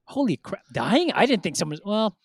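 A man's voice: high-pitched, sing-song, fairly quick, vocal fry, slightly rough, dry recording. A man co-hosting a casual podcast chat, rambling with many fillers and acting out quotes. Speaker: podcast co-host.

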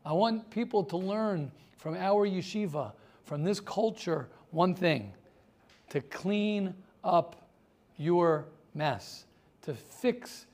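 A man with a notably high voice leads a yeshiva class. He talks animatedly, throwing out rhetorical questions and everyday stories to his students. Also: expressive, slow pace, darkish tone. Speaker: yeshiva teacher. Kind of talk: lively classroom talk.

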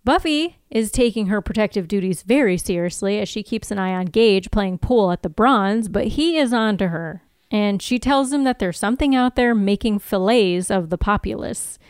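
A young woman with a smooth, clear voice recapping an episode on a podcast. She retells scenes and laughs easily. The recording is close and dry. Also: mid-range voice, lively intonation, normal speed, few pauses, a little mellow, no room sound. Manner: laughs often, retells scenes with quoted lines. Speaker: podcast co-host. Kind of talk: casual chat, recapping an episode.

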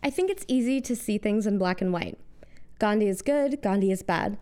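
A woman's voice: medium pitch, lively intonation, normal speed, dark tone. A young American woman hosting a scripted comedic monologue, with sarcastic, punchy asides. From United States. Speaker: host.

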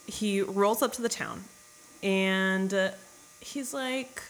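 A young woman casually recapping a novel for laughs, crude and irreverent, slipping into quick voices for the characters. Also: medium pitch. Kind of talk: casual comedic book recap.

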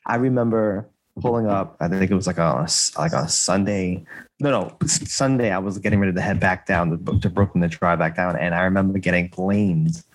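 A man in a casual podcast chat, recounting a past relationship in halting speech full of restarts. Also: low voice. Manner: halting, many restarts and likes.

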